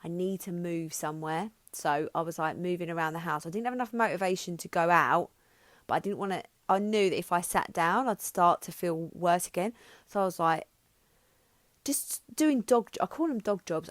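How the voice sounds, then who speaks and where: A woman's voice: lowish voice, lively intonation, normal speed, dry recording. A woman in her thirties hosting a podcast, speaking frankly and emotionally about her own life, with frequent restarts and some swearing. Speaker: podcast host. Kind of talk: candid personal monologue.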